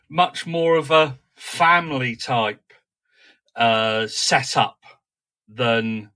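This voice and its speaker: A man conducting a conversational interview in a measured way, recounting details from match reports. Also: medium pitch, bright, forceful tone.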